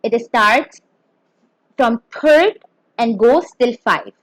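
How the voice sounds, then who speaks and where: A woman's voice: a little high, expressive, extremely slow, dry recording, rough recording. A woman teaching a beginner Mandarin pinyin lesson, explaining carefully and demonstrating each tone.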